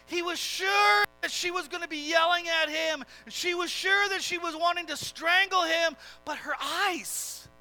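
Male preacher, very high and very bright voice, emphatic storytelling delivery. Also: rough recording. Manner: emphatic, swelling from hushed to loud. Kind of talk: sermon storytelling.

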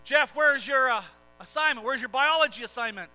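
A woman's voice: sits high, brisk, bright, forceful tone, soft background music. A male preacher voicing a strict old female schoolteacher who scolds a student in formal, prim words. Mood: scolding.

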